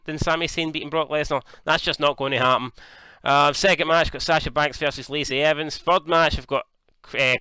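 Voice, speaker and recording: A young man from Scotland giving casual, jokey commentary on a wrestling video game, swearing freely and getting excited. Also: on the high side, clear, resonant tone, no echo. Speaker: gaming YouTuber.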